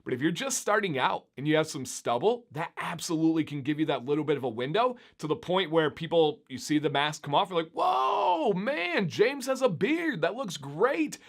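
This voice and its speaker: A man chatting upbeat and animated to his viewers in a casual vlog. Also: a little high, fast, hardly any pauses. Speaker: beard YouTuber. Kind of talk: casual vlog talk to camera.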